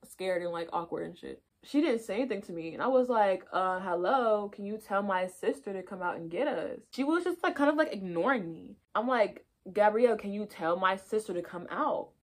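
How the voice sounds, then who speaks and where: Animated swearing woman telling a story. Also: medium pitch, normal speed, hardly any pauses. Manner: animated, swears a lot, acts out quotes. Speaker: beauty vlogger. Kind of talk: storytime chat while getting ready.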